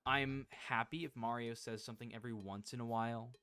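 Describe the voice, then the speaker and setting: A man's voice: mid-range voice, steady tone, brisk, pushed and bright, faint music behind. A man narrating a casual video essay in a chatty, wry way, full of "like" fillers, recorded on a home voice-over mic.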